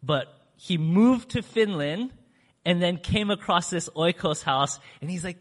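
A man speaking to a church audience, telling a story in a chatty, animated way and acting out what people said with big swings in his voice. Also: unhurried. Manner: acts out quoted speech with big pitch swings; chatty, with fillers and restarts. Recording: long hall reverb.

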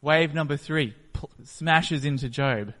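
A man's voice: on the high side, takes it slowly, a bit bright. A man preaching a sermon, retelling a story and acting out its scenes. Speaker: pastor. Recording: echoey hall.

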